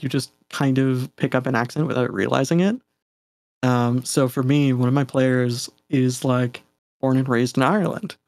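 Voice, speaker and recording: A man's voice: mid-range voice, no room sound. A man with a Canadian accent, a game designer chatting as a guest, easygoing and full of fillers and little laughs. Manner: chatty, laughs often, many fillers and restarts. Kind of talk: casual fireside chat.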